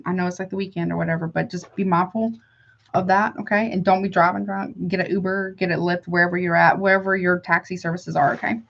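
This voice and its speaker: A woman's voice: on the low side, level tone, fast, gravelly, dull audio. A woman doing a live tarot reading for her chat viewers, chatty and affectionate, calling them honey between card draws. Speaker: tarot reader.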